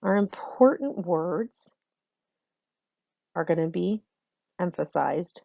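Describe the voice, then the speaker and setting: A woman's voice: on the low side, expressive, slow, gravelly, dark tone, dry recording, lo-fi sound. A woman teacher explaining a lesson patiently to students in a recorded online class, with frequent ums.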